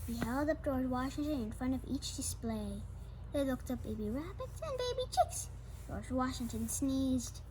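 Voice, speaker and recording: A woman's voice: high-pitched, very animated, moderate pace, noisy background. A woman reading a children's picture book aloud, with small slips, restarts and asides to the listener. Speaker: storybook reader.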